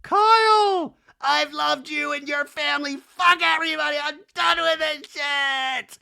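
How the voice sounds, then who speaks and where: Give me a podcaster doing a screeching tearful woman, raging and loud. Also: measured pace, gravelly, exaggerated voice. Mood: screaming. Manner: shrill screaming tirade, swearing. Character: sobbing furious middle-aged woman ranting.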